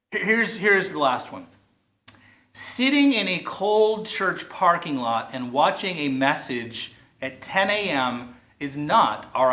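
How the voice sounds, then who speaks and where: Lively playful pastor, echoey sound. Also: male voice, a little high. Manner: playful, drawn-out emphasis on single words. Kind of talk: sermon. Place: church, message shown on a big screen outdoors.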